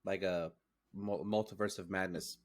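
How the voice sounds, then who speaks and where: A man's voice: low voice, steady tone, normal speed. Rambling man in a loose podcast chat. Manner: rambling, filler-heavy, self-interrupting. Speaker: podcast co-host. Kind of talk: casual chat.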